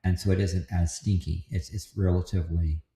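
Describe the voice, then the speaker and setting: Halting man explaining volcano science. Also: low voice, flat delivery, mellow, echoey room. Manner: halting, many restarts and fillers, joking asides. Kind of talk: casual livestream chat.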